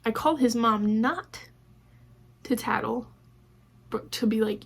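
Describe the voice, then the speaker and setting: With a slightly high voice, vocal fry and long pauses, a woman vlogger speaks unhurriedly over a little hiss or hum. She recounts her own life casually and acts out conversations with many "like"s.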